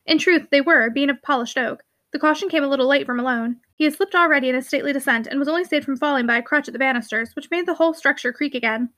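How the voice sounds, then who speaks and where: A woman narrating a classic novel as an audiobook, reading briskly and evenly. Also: sits high, fairly bright tone.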